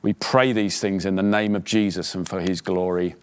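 A man preaching a sermon as pastor, exhorting his listeners fervently, his voice climbing in pitch as he urges them on. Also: fairly even intonation, clear, resonant tone. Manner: quieter, halting prayer. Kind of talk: sermon with closing prayer.

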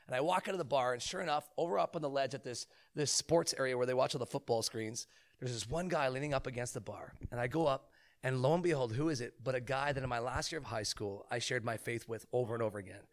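A man in his thirties telling a humorous testimony story as a preacher, animated and joking. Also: medium pitch, quick pace. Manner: animated, joking, acts out quotes.

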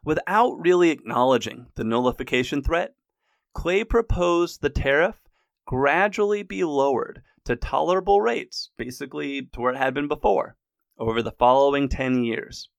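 A man's voice: medium pitch, moderate pace, vocal fry, dry recording, clean studio sound. A man narrating history casually in a wry, irreverent way, with occasional swearing.

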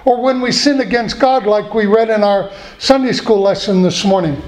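A middle-aged man preaching a sermon in a folksy way, slowing down to repeat key points. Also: high-pitched. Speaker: pastor. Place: church. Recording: echoey church room.

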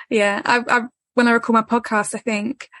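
A woman's voice: fairly high pitch, level tone, normal speed, a bit bright, dry recording. A woman, hosting a casual podcast chat, candid and swearing freely as she acts out what others say. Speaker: podcast host.

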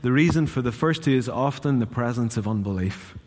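A man's voice: mid-range voice, brisk, a little mellow, long reverb tail. A man preaching a sermon in church, chatty and questioning his congregation. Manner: conversational, asks the congregation questions. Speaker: pastor.

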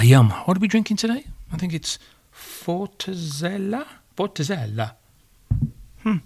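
A man's voice: medium pitch, vocal fry, darkish tone, no room sound, studio quality. A man hosting a podcast, delivering advice to hospitality workers in a joking, sardonic, irreverent monologue.

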